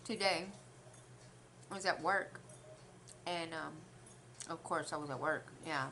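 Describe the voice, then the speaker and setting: A woman's voice: low-pitched, slow, sharp tone, a little hiss or hum. A woman vlogger chatting casually while she eats, telling a rambling story and trailing off between bites. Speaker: mukbang vlogger. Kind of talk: casual chat while eating.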